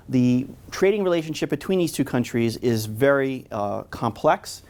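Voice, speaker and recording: Fast-talking New York man lecturing. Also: medium pitch, very animated, vocal fry, a little mellow. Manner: fast-talking, many filler uhs. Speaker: history lecturer. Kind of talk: public lecture.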